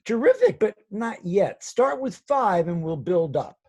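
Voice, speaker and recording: A male drama teacher leads children through voice warm-ups, speaking slowly and patiently. His tone is a little husky, and his pitch rises and falls freely as he counts and models each sound. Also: very animated. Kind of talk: guided classroom instruction.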